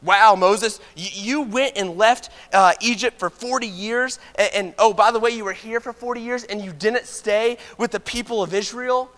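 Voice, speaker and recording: A man's voice: high voice, normal speed, few pauses, a bit bright, in a large hall. A preacher playing a scornful, proud male king who mocks and scolds, in a plain everyday voice. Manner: mocking, indignant.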